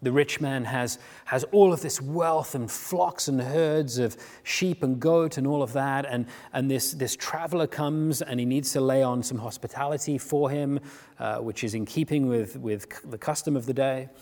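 Conversational preacher in a reverberant hall. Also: male voice, mid-range voice, normal speed. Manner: conversational, animated retelling with frequent restarts. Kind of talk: sermon.

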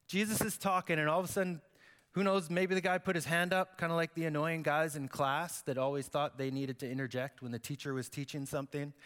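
A man's voice: fairly high pitch, a bit bright. A man preaching a sermon as pastor, conversational and joking, acting out the quotes he reads. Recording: long hall reverb.

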